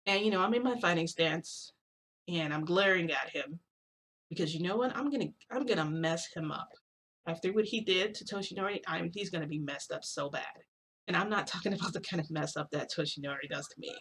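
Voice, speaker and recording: A woman's voice: lowish voice, fairly quick, a bit bright, husky. A woman casually telling a long story to her viewers, rambling with many fillers. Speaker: vlogger.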